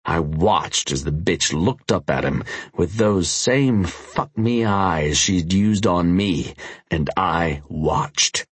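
A man with a very deep, husky voice reads a first-person audiobook. His delivery is gritty and profane, with a lively, swinging pitch. The recording is dry and close. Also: takes it slowly, no echo. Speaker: audiobook narrator.

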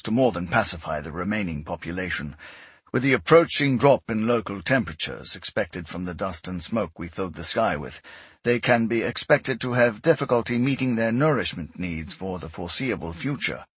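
A man's voice: fairly low pitch, lively intonation, normal speed, a bit bright, husky, no echo, heavily acted. A man voicing a precise, deferential male adjutant who reports formally and matter-of-factly.

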